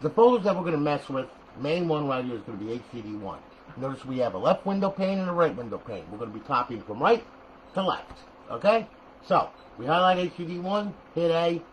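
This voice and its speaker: Blunt tutorial host, male, a bit high-pitched, cursing and ranting, checks in with the viewer constantly. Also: slight background noise, poor audio. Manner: repeats "okay?" and "all right?" as checks. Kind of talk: casual screen tutorial.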